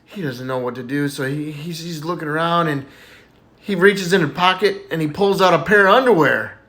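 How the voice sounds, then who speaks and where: A man's voice: fairly high pitch, normal speed, a bit bright. A man telling dirty jokes in a casual, folksy storytelling way. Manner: folksy storyteller, plays each character with a raised voice. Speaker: joke teller.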